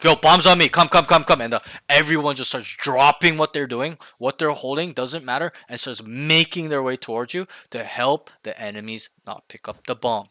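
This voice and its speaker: Over voice chat, a male coach tutors a single student in a medium-pitched voice with no echo. His delivery is emphatic, often punctuated by "right?", and he performs team callouts aloud.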